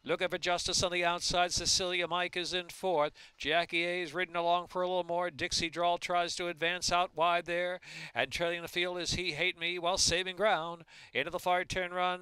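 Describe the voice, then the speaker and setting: A man calls a horse race in a bright, crisp voice, building to rapid excitement down the stretch. The sound is dry and close, as from an announcer's booth. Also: high voice, no room sound. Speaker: race caller.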